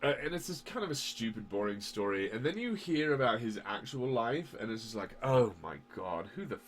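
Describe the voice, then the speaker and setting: A man's voice: mid-range voice, animated, fairly quick, fairly bright tone. A man chatting casually on a podcast, rambling with lots of fillers and swearing, and at times building into heated rants. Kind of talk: casual conversational podcast chat.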